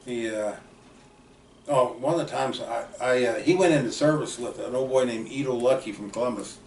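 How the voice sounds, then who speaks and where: A man's voice: mid-range voice, normal speed, a little mellow. Older man spinning rambling war stories. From United States. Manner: plainspoken, rambling, folksy grammar. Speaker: uncle telling family war stories. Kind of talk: casual storytelling. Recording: roomy, distant mic, faint background noise.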